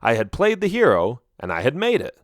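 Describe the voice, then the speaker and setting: A man narrates a children's animal story in the first person with an expressive reading. His pitch is middling and moves about a lot. The recording is close and dry. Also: fairly quick, no room sound. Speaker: audiobook narrator.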